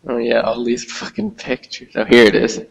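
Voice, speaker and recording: A man's voice: mid-range voice, fairly even intonation, normal speed, gravelly, husky, dull audio. A man co-hosting a casual podcast, laid-back and mostly giving short replies. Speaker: podcast co-host. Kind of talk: casual chat.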